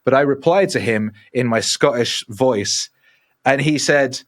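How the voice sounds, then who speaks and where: A middle-aged man, a podcast guest, telling rambling, animated stories with lots of swearing. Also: mid-range voice, a little slow. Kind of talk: casual storytelling.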